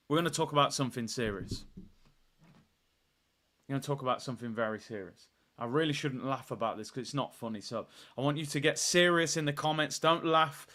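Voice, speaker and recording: A man hosting a casual football live stream, reading out viewer comments and joking around. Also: medium pitch. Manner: animated, jokey, bursts into loud excitement.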